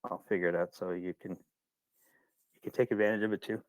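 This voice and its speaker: A man hosts a casual webinar, talking loosely and circling back over his points. His voice sits a little low, and the computer mic gives it a close, dry sound with no room echo. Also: steady tone, moderate pace, a little mellow. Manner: rambling, colloquial, repeats himself when worked up. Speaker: webinar host.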